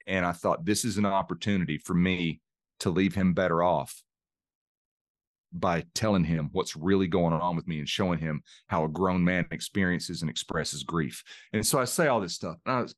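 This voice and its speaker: A man's voice: sits low, no echo, studio quality. A middle-aged man, a podcast guest, earnestly telling a personal story and openly showing emotion. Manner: earnest, open about emotion, repeats words while searching. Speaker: podcast guest, mind coach. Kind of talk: reflective interview storytelling.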